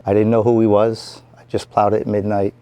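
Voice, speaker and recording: A town mayor telling a story in an animated way, acting out the lines of the people in it. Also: male voice, fairly low pitch, brisk. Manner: animated, acts out quoted lines. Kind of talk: anecdotal storytelling.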